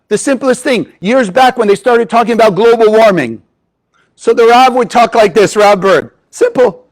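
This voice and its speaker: A man teaching Kabbalah in a spiritual lecture, animated and asking the audience rhetorical questions. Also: high-pitched, poor audio.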